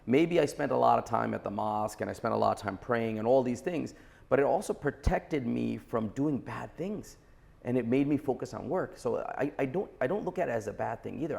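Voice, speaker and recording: A man's voice: mid-range voice, fairly quick, vocal fry, darkish tone. A man in his forties, a guest on a podcast interview, giving blunt and emphatic opinions. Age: 40s. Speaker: entrepreneur guest.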